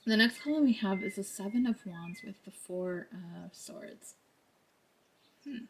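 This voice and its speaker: A woman with a voice of middling pitch reads tarot cards for her viewers. She talks in a chatty, loose way and laughs often. Now and then she acts out the other person's inner thoughts. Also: animated, measured pace, creaky, slight background noise. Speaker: tarot card reader. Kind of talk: casual tarot reading to camera.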